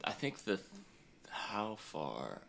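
Lively low-voiced man reviewing a movie. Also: drawn-out words, gravelly, a little hiss or hum. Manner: laughs often, acts out movie lines in silly voices. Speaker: podcast host. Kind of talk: casual movie review chat.

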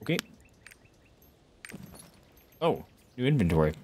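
A man giving casual, excitable commentary while playing a game on stream, swearing and talking to himself. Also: mid-range voice, takes it slowly, slight background noise.

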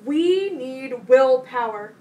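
A woman voicing a sensible young male frog, speaking in a calm, explaining tone. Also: high-pitched, slow. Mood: patient. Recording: distant mic with faint noise.

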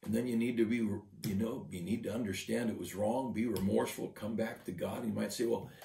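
A low, gravelly male pastor delivering an earnest devotional sermon, doubling back on his words as he presses each point. He sits a little away from the mic, so his voice rings through an echoey room. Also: steady tone, a little fast, mellow, far from the mic, slight background noise. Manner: earnest, repeats words while building a point.

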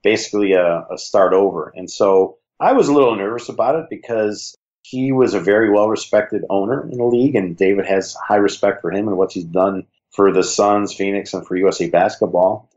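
A man in his sixties with a heavy Chicago accent, relaxed and reflective, telling stories as an interview guest. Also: on the low side, brisk, lo-fi sound. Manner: relaxed, reflective, uses fillers like "you know". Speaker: guest, former league creative director. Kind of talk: conversational interview storytelling.

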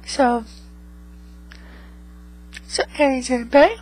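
A woman's voice: high-pitched, drawn-out words, a little mellow, low-quality recording. A woman vlogging in casual chat to her viewers, rambling and tagging most remarks with 'okay?'. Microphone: USB microphone.

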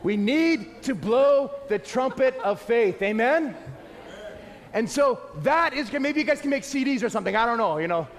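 A man preaches a lively, playful sermon in a very high voice. He swings between loud exclaims and hushed asides. The sound carries the long echo of a church hall. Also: moderate pace. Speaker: pastor. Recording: echoey hall.

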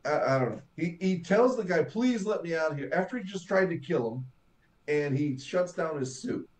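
A man's voice: fairly high pitch, moderate pace. A man co-hosting a casual podcast chat, retelling scenes and acting out the characters' lines. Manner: animated, acts out quotes. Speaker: podcast co-host.

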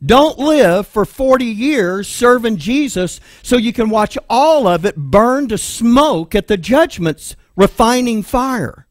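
A man's voice: very high-pitched, lively intonation, takes it slowly, hardly any pauses, no room sound, clean studio sound. A man with a Texan accent preaching a sermon, emphatic and full of rhetorical questions. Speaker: pastor.

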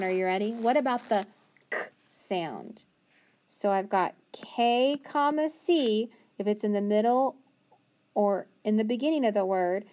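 A woman teaching a phonics lesson to young children, patient and encouraging, sounding out letters slowly. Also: a little high, darkish tone.

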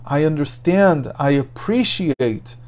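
A man voicing a calm, reassuring old sage. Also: fairly high pitch, slow pace. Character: gentle elderly sage reassuring and teaching.

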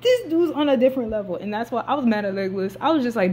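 A young woman, casually recapping a movie in slangy talk that swings between hushed asides and loud outbursts. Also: fairly high pitch, expressive, racing, breathy edge.

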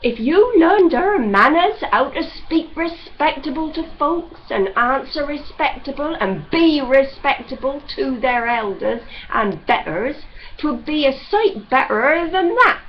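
A woman's voice: a little high, highs cut off. A woman doing a grumpy sarcastic old servant. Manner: rustic dialect, sarcastic, lecturing. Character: grumpy sarcastic older man servant, bald.

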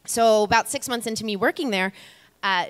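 Wry, bright-voiced woman telling a story. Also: medium pitch, brisk, clean tone. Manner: chatty, wry, talks straight to the audience. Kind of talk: live comic storytelling. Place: stage before a live audience. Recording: long reverb of a live venue.

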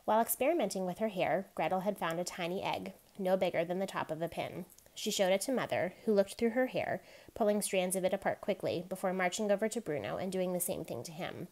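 A woman reading a novel aloud, gently giving each character a light voice of their own. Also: lowish voice, brisk, few pauses. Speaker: reader.

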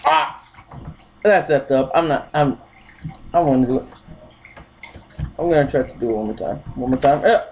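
Excitable gamer yelping through a playthrough. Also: mid-range voice, normal speed, vocal fry, pauses often, a little hiss or hum. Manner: excitable, yelps and shouts, frequent laughs; talks to game characters, taunting. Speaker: gaming video host. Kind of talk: let's-play commentary.

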